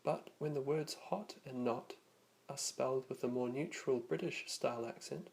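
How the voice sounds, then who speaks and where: A man teaching a lesson, narrating from a script and slowly demonstrating vowel sounds. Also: medium pitch, vocal fry, darkish tone.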